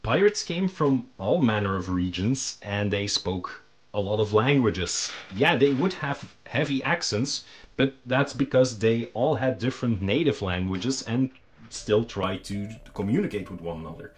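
Slow, low-voiced man casually explaining. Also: slightly rough. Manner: hesitant, with frequent ums and restarts; relaxed, conversational. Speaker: miniature painting channel host.

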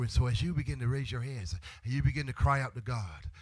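A male pastor preaching an impassioned sermon in church, dropping to a hush and rising to sung, shouted cadences. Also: mid-range voice, fast talker, no room sound. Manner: swings from hushed to shouted, chants phrases in sung cadence. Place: church sanctuary.

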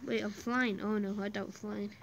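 A woman giving casual gameplay commentary, excitable and playful, humming little tunes as she plays. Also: mid-range voice, normal speed, vocal fry, a little hiss or hum. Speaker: gamer.

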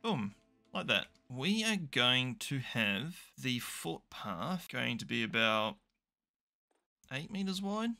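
A man's voice: medium pitch, big pitch swings, slow pace, vocal fry, pushed and bright, faint music behind. A young man commentating a management game, chatty and thinking aloud with dry, self-mocking asides. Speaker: gaming YouTuber. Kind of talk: casual let's play commentary.

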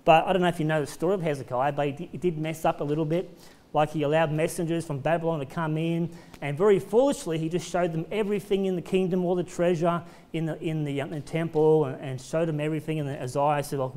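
A man from Australia gives a church sermon in a higher-pitched voice. He talks casually, as if chatting, and reads scripture aloud. He acts out the voices of the people in the story as he goes. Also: fairly even intonation, quick pace, a little mellow. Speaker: pastor. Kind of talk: conversational sermon with scripture reading.

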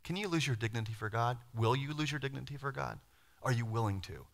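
A man pastor preaching a sermon, lively, acting out Bible figures in quick voices and putting questions to the congregation. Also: mid-range voice, creaky. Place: church.

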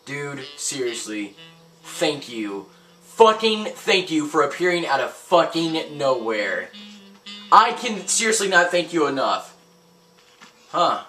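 A young man giving crude, profane gameplay commentary, ranting loudly and then muttering under his breath. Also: on the high side, sing-song, slow, pauses often, recorded from a distance, faint music behind. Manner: loud, crude, ranting, jumps between yelling and muttering. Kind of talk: profane let's-play commentary.

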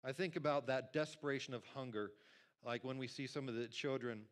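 A male pastor preaching a sermon to a church congregation in a lively, conversational way, talking directly to the people in the pews. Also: medium pitch, a little fast. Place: church sanctuary.

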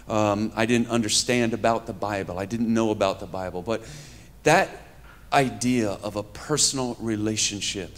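A man in his fifties from New York, preaching a conversational sermon with humor and stories, talking to a live audience. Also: lowish voice. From New York, USA. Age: 50s. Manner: humorous, storytelling, addresses the audience. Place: church hall with a live audience.

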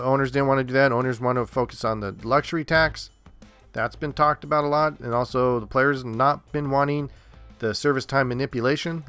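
A man's voice: medium pitch, a bit bright, smooth. A man hosting a podcast, talking bluntly and heatedly straight to his listeners in a casual monologue. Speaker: podcast host.

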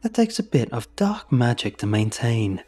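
A man's voice: medium pitch, very animated, moderate pace, a little mellow. A man voicing an ancient witch who poses as a sweet older woman, with a sly, teasing, cackling manner, in a horror story reading. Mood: gloating.

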